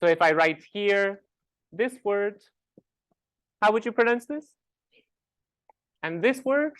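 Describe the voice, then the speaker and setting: A man's voice: sits high, animated, slow, fairly bright tone, smooth. A man from the west coast of Scotland with a West Coast Scottish accent, giving a classroom lecture, often ending points with a questioning "right?" and saying example words aloud. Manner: explains with tag questions, demonstrates sounds aloud.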